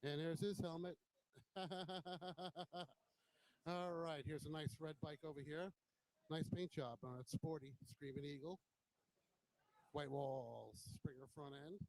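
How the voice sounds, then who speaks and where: A man's voice: a little high, fairly even intonation, unhurried, a little mellow, dry recording, rough recording. A man hosting a motorcycle vlog, walking around a bike show with a handheld camera and giving casual, admiring commentary on each bike, now and then swearing bluntly. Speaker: motovlog host.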